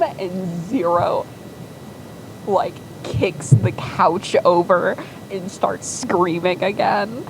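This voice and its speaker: A woman's voice: lowish voice, extremely slow, creaky, noisy background. A woman casually telling a made-up story in a rambling way, with lots of fillers.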